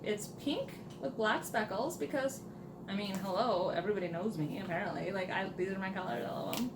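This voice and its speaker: A woman's voice: medium pitch, fairly quick. Chatty woman in a roomy room. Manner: chatty, animated storyteller. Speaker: podcast co-host. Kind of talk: casual chat. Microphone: table mic, sits back from it. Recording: roomy with background noise.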